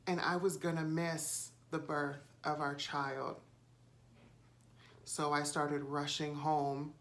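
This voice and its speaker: A woman voicing a tearful, apologetic man in her story, speaking quietly and haltingly. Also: low voice, level tone. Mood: sad.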